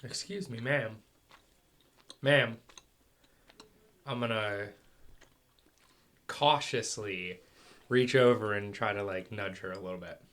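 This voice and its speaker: A man's voice: fairly low pitch, slow pace, long pauses, fairly bright tone. A man playing a tabletop game, stating his character's actions in a plain, matter-of-fact way. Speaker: player. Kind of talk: casual tabletop play.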